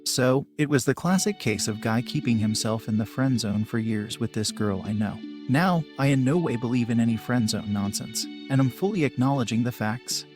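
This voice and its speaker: A man reading submitted relationship stories aloud as scripted first-person narration, with sudden rises in pitch and force. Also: moderate pace, few pauses, music in the background.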